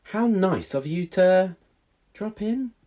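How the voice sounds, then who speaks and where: A man's voice: high voice, lively intonation, slow pace, warm tone, pitched above the performer's own voice. A man voicing a kindly, polite elderly lady in a genteel, prim manner. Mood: surprised.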